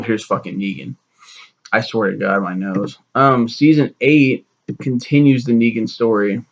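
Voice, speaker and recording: A young man rambles through a TV review in a casual, profane, animated way. His mid-pitched voice has a gravelly fry to it. The recording sounds dull and lo-fi.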